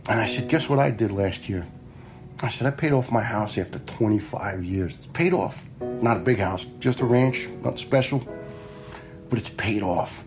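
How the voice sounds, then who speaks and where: A man's voice: lowish voice, moderate pace, music in the background. Blunt New man in his fifties. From New York area. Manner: blunt and frank, swears freely; acts out quoted dialogue. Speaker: retired fire lieutenant. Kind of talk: casual personal storytelling.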